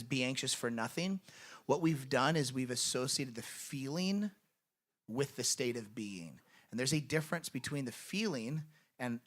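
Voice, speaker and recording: A man's voice: mid-range voice, a bit bright. A man preaching a sermon in a church in an earnest, conversational way, with lots of fillers. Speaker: pastor. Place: church sanctuary.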